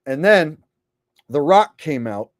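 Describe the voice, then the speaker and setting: A man's voice: fairly high pitch, big pitch swings, takes it slowly, dry recording, studio quality. A man hosting a casual commentary vlog, rambling in a sarcastic, profane way. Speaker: channel host.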